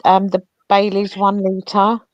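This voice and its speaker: A woman's voice: medium pitch, completely flat delivery, slow pace, no echo. Woman on a dull, dry video call line. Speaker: guest on a live video chat. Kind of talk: casual chat.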